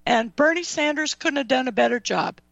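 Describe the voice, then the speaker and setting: A woman's voice: high-pitched, fairly quick, creaky, no echo. A woman hosting a talk radio show, ranting angrily about current affairs with apologetic asides. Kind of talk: heated talk radio chat. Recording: dull dry radio audio.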